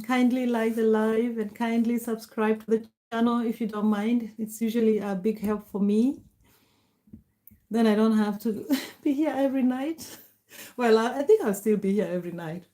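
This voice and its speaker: A middle-aged woman hosting a casual livestream, warmly greeting viewers by name and laughing often. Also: a little high, steady tone, moderate pace. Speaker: livestream host. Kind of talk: casual livestream chat reading comments.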